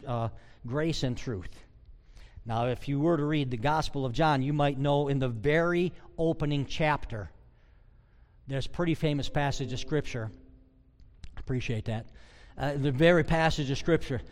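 A man preaching a sermon as a pastor, emphatic and swinging between loud declarations and quiet asides. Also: on the high side, long reverb tail.

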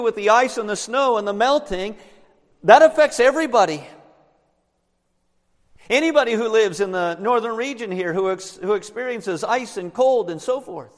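High-voiced preacher in a reverberant hall. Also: male voice. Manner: explanatory, asks the listeners questions. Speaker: pastor. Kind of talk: sermon.

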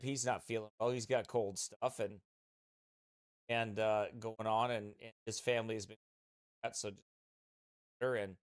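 A man who pastors chats loosely with his online congregation before the service. His talk rambles and keeps restarting itself, in a voice of middling pitch. The sound is close and dry, with no room around it. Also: no room sound. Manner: rambling, chatty, with many restarts. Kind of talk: casual chat with a streaming congregation. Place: at a desk beside his streaming computer. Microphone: streaming mic close at his desk.

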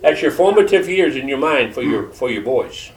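An older man with a Southern Georgia accent preaching a testimony sermon, telling stories in a folksy, halting way with many fillers. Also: mid-range voice, animated. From Detroit. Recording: echoey room from far off.

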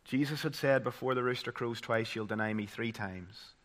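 A man with a Northern Irish accent delivers a sermon. His voice is bright and forward. He builds to loud, dramatic peaks and then drops to a hushed, solemn hush. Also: medium pitch, normal speed. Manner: dramatic, swinging from loud emphasis to hushed tones. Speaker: preacher.

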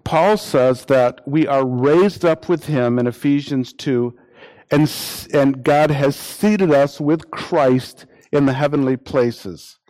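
A man preaching a sermon, repeating phrases for emphasis and acting out imagined quotes in lively voices. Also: mid-range voice, takes it slowly.

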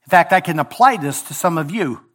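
A man preaching a sermon to his congregation, with a voice a touch higher than most men's. His delivery swings between forceful, loud emphasis and hushed, quiet asides. He voices scripture and God's words as quoted speech. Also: lively intonation, brisk. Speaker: pastor. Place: church sanctuary.

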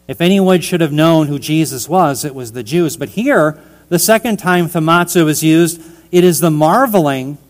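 A man preaching an expository sermon, reading scripture aloud and explaining its words with emphasis, speaking to the congregation as "dear ones". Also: a little high.

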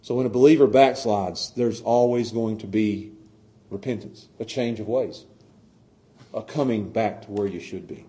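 A middle-aged male pastor preaching a sermon, moving from hushed, tender passages to loud, impassioned ones and often stammering on his restarts. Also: lowish voice, moderate pace.

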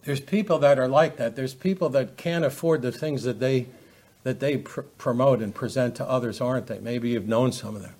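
A man's voice: medium pitch, moderate pace, darkish tone. A man preaching a sermon, often repeating words as he restarts, building to emphatic, raised passages.

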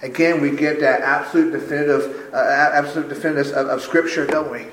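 A man's voice: on the high side, moderate pace. A man preaching a sermon as pastor, stressing points by repeating phrases. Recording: roomy echo.

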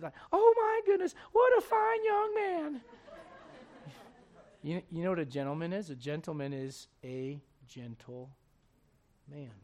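A male pastor preaching a sermon, swinging between shouted intensity and hushed, gentle tones. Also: on the high side.

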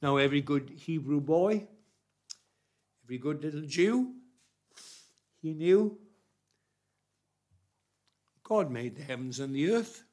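Guy preaching slow, kinda high voice, gets loud then goes quiet on the big lines. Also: lively intonation. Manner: emphatic, swings between soft and loud. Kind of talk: sermon.

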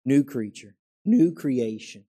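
A pastor preaches a sermon in a mid-range voice, very animated and slow. He swings between quiet asides and loud, emphatic exclamations.

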